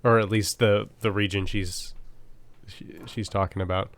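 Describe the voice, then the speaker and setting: Low-voiced joking man podcast co-host. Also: fairly even intonation, a little slow, a little hiss or hum. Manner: joking, playful riffs. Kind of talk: casual chat.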